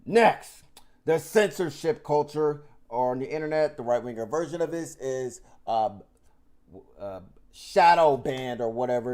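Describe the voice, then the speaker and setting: A man's voice: a little high, darkish tone. A man ranting straight to his audience, heated and profane, rambling with many restarts. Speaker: YouTube commentator. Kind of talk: unscripted rant to camera.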